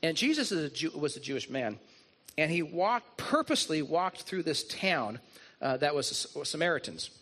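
Man, pastor, sermon, slightly high voice, earnest, repetitive storytelling. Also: very animated, moderate pace, fairly bright tone.

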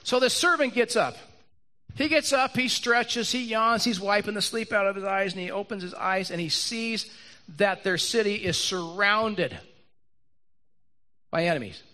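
A man preaching a sermon to a room and an online audience, animated, acting out Bible characters and repeating lines for emphasis. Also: high-pitched, a little slow. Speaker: pastor. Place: church hall with live audience and online stream.

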